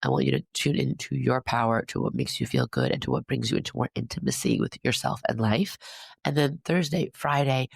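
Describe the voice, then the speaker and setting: A man's voice: medium pitch, sing-song, fairly quick, dry recording, studio quality. A man hosting an astrology podcast, talking through a weekly forecast in a chatty, upbeat, encouraging way full of fillers. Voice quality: gravelly vocal fry. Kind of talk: casual spoken forecast monologue.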